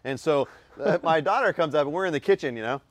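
A man in his thirties hosting a casual fireside chat, telling stories with lively, acted-out voices. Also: a little high, quick pace, no echo. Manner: animated storyteller, acts out voices. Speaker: podcast host.

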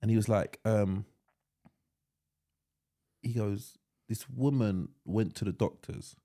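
A man co-hosting a podcast in casual chat, excitable and teasing, often repeating his words as he talks. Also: on the low side, takes it slowly. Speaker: podcast co-host.

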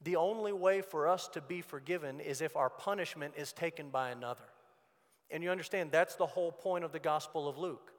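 A man preaching a sermon as pastor, in an earnest, conversational way. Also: on the high side. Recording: long church hall reverb.

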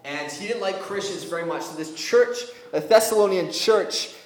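A man giving an informal, joking sermon to young people as a youth pastor, in a lively conversational way. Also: high voice, moderate pace, recorded from a distance. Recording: very echoey room.

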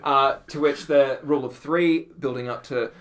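A man, a podcast guest, telling animated stories in casual chat, acting out quotes and laughing often. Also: medium pitch, moderate pace, crowd noise.

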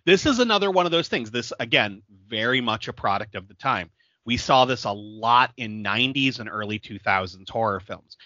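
Laughing man recapping a film, bright voice. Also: medium pitch, expressive, moderate pace, no room sound, muffled recording. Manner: laughs often, fills talk with "like". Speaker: podcast co-host. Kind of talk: casual chat recapping a film.

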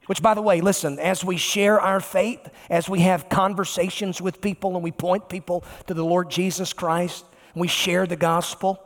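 A pastor, a man, preaching a sermon emphatically and slowing down to stress key words. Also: high voice. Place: large church sanctuary. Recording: long reverb of a large church.

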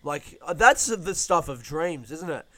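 A man's voice: fairly high pitch, expressive, unhurried, pushed and bright, dry recording. A young man hosting a podcast, rambling through a casual, self-deprecating, sweary monologue. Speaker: podcast host, comedian.

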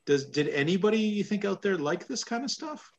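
A man's voice: sits high, very animated, fairly quick, darkish tone, lo-fi sound. A man from Canada hosting a casual wrestling review podcast, blunt and sarcastic, often laughing at what he describes. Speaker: podcast host.

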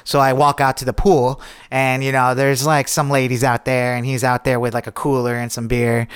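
A man's voice: medium pitch, level tone, normal speed, clear, resonant tone. A man co-hosting a podcast in casual chat, laid-back and rambling as he talks. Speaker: podcast co-host.

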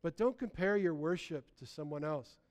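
A man preaching a sermon in a lively, conversational way, often restarting his sentences. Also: fairly high pitch, normal speed. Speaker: pastor.

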